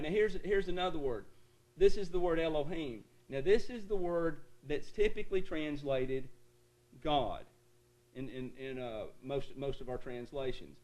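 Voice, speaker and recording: A male preacher at a mid-range pitch delivers a sermon to his church. He stresses the verses he reads and checks in with the congregation. Between readings he slows into a conversational teaching voice. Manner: emphatic preaching that turns to a quieter, explanatory lecture tone; asks the congregation for an amen.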